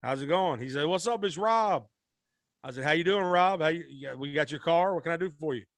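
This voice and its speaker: A man's voice: on the high side, quick pace, no room sound. A man, a musician guest telling a rambling, folksy story in a podcast interview. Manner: rambling, repeats and restarts, Southern-style folksy speech.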